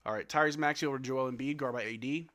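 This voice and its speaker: A man hosting a late-night live stream watch-along, calling plays in a casual way and swinging between flat dismay and sudden shouts while he is sleepy. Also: mid-range voice, quick pace, no echo. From New Zealand. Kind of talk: casual play-by-play and chat.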